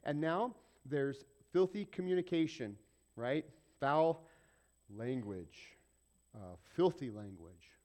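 A man's voice: on the high side, expressive, slow pace, a little mellow. A man preaching a conversational sermon, asking rhetorical questions and repeating points for emphasis. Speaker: pastor.

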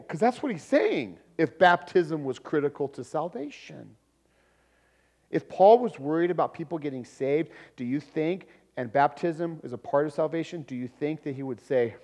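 A man preaching a sermon in a lively, conversational way, with laughs and sudden loud emphasis. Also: a little high, measured pace. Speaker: pastor.

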